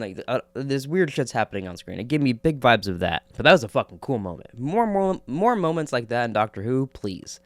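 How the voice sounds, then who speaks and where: A man giving a casual spoiler review of a TV episode, excitable, swearing a lot and laughing often. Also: medium pitch, smooth, no echo.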